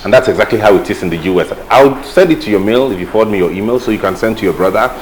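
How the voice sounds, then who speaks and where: A man's voice: on the low side, rapid-fire, a little hiss or hum, lightly acted, poor audio. An actor with a Nigerian accent playing a wary, wealthy man in disguise who speaks curtly and in a businesslike way. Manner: curt, businesslike. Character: wealthy man hiding his identity, cool and wary. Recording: clear music under the voice.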